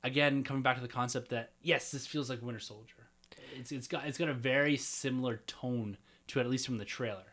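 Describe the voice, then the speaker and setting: A man's voice: medium pitch, fairly even intonation, brisk, fairly bright tone. Methodical man breaking down a trailer. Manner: methodical, explains scene by scene, repeats "yes" and "yeah". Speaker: podcast co-host. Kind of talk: casual chat breaking down a trailer.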